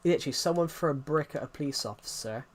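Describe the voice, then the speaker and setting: A man's voice: a little high, fast. A British man streaming live, chatting casually in an opinionated, rambling way with many restarts. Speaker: livestreamer. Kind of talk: casual livestream chat.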